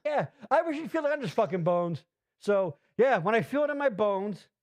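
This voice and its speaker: A man's voice: high-pitched, moderate pace. A man hosting a podcast, chatting casually and reacting to clips with profane, incredulous commentary. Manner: profane, incredulous, animated retelling. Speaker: podcast host.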